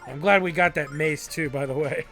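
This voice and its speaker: A man's voice: on the high side, normal speed, a bit bright. A man giving casual, laid-back gameplay commentary with chatty asides. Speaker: let's play host. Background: game music.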